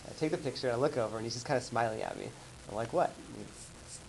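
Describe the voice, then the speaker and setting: A man giving a casual slideshow talk to colleagues, rambling and animated as he tells stories. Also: mid-range voice, rapid-fire, creaky, slight background noise, rough recording. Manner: rambling, animated storytelling with acted-out quotes. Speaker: presenter. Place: office meeting room.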